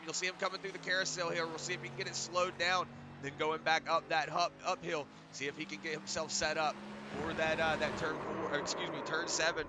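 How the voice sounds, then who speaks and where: A man with a congested, stuffy voice calling sim racing play-by-play, halting and correcting himself as he goes. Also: a little high, little pitch movement, noisy background. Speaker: race commentator.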